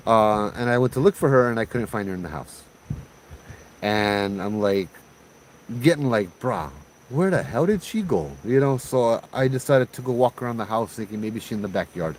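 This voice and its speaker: A man from Hawaii tells a ghost story in a relaxed, chatty way, dropping slang and laughing as he goes. His voice sits at a middle pitch. Faint outdoor sounds, like insects, are heard behind him. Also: normal speed, a little hiss or hum, low-quality recording. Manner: laid-back, chatty, laughs often, uses slang like bruh. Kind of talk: casual ghost story telling.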